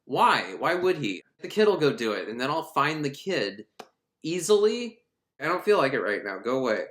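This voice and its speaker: A man's voice: mid-range voice, big pitch swings, moderate pace, a bit bright. A man doing a lazy, sleepy villain king. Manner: drowsy, dismissive. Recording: roomy echo.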